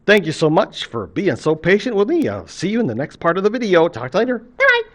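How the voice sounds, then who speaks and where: A man's voice: high voice, huge pitch swings, fast, background noise. An older man, a college professor, telling a traditional story in a folksy, conversational way, acting out the scenes. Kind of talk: traditional story told to camera.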